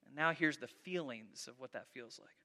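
Animated man preaching in a reverberant hall. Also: mid-range voice, normal speed. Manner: animated preaching, reads scripture aloud dramatically; conversational, self-interrupting. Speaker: pastor. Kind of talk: sermon.

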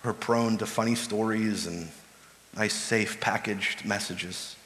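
A man's voice: on the low side, steady tone, takes it slowly, fairly bright tone, in a large hall. A man preaching a sermon as pastor, earnest, building to urgent pleading.

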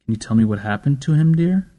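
A man doing a gentle, soothing grandmother. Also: mid-range voice, expressive, fast, voice pushed up, close to an everyday voice. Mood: coaxing. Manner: soft, coaxing, tender.

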